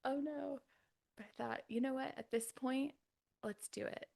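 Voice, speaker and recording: A woman's voice: fairly high pitch, fairly even intonation, moderate pace, gravelly. A woman from California, a podcast guest telling her birth story in a casual, chatty way, often dropping to a near-whisper and laughing between lines full of "like". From California, USA. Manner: soft-spoken, often drops to a near-whisper; chatty, frequent "like" fillers and laughs.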